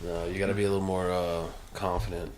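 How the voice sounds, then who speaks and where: A man's voice: low voice, little pitch movement, quick pace, a little mellow, roomy sound, a little hiss or hum. A man co-hosting a podcast in casual chat, brash, profane and teasing. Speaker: podcast co-host.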